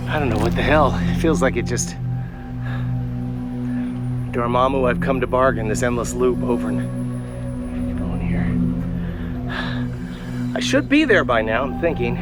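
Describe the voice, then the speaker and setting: A man vlogging on a phone as he walks a rural trail outdoors, frustrated, sarcastic and swearing often. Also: mid-range voice. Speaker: vlogger walking a pilgrimage trail. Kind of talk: vlog narration and walking selfie talk. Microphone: handheld phone.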